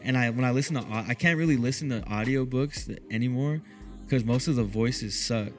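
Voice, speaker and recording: A man with a smooth radio voice, talking calmly and unhurriedly as a guest in a relaxed interview. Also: mid-range voice, soft background music. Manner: calm, unhurried, drops lots of "you know what I mean".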